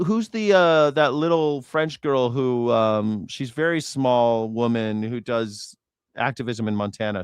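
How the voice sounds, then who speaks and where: A man's voice: medium pitch, smooth, no room sound. Man, live news reaction host, rambling, profane, self-correcting, dry close sound. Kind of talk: casual live commentary.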